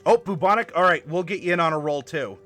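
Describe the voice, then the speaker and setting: Bright-voiced man running a stream. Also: a little high, faint music behind. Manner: halting, with frequent fillers, spelling out dice commands for viewers. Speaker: game master and stream host. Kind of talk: live-streamed tabletop worldbuilding, talking to chat.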